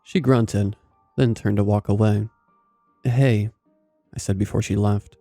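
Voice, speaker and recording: Male horror-story narrator, gravelly and dark, dry close recording, faint music behind. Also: fairly low pitch, fairly even intonation, normal speed, no room sound.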